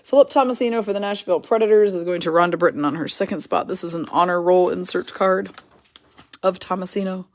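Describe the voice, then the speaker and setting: A woman hosting a live card break, quickly reading out player names and teams and chatting with viewers in the comments. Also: on the low side, no echo. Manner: brisk, reads names and teams in quick lists, chats with viewers.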